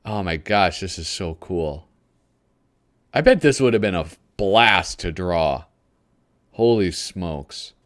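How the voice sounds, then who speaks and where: A male host gives unhurried, rambling commentary on a live show, often trailing off to search for names and chuckling as he goes. His voice is fairly low but lively, rising and falling a lot. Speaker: host of a magazine flip-through show.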